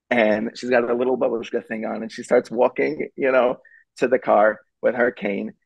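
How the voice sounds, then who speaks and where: A middle-aged man speaks with a gravelly, slightly husky voice, in a dry close sound. He tells stories casually and animatedly, full of fillers and acted-out voices. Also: medium pitch, no room sound, rough recording. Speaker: rabbi and parenting speaker. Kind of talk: storytelling on a charity broadcast panel.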